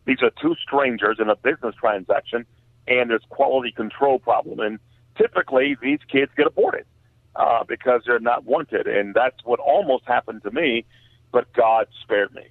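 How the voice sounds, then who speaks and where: A man with a gravelly, creaky voice tells his story earnestly and haltingly, with many fillers. He comes through a narrow, tinny phone line with no room sound. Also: mid-range voice, no echo. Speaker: guest author. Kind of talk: personal testimony in a radio interview.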